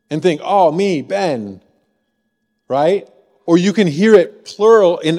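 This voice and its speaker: Mellow-voiced man preaching in a reverberant hall. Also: fairly high pitch. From Missouri. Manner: conversational, frequent rhetorical "right?". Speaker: pastor. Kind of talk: sermon. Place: church sanctuary.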